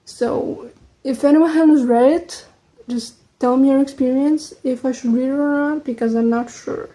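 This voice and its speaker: A young woman who speaks English as a second language, with a slight American lean, chatting casually and quickly as a book vlogger, trailing off into soft asides. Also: sits high, fairly even intonation, rough recording. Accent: American-leaning English, second language. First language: not English. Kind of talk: casual chat.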